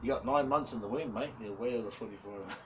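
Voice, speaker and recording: Brisk and on the low side, this man in his forties delivers a rambling, swear-heavy YouTube rant punctuated by frequent laughs. The mic sounds distant, and faint background noise comes through.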